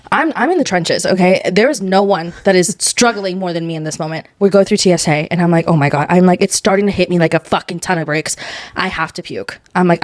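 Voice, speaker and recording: A woman's voice: on the low side, no room sound, clean studio sound. A young woman co-hosting a podcast, telling a dramatic and profane story in a casual chat. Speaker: podcast co-host.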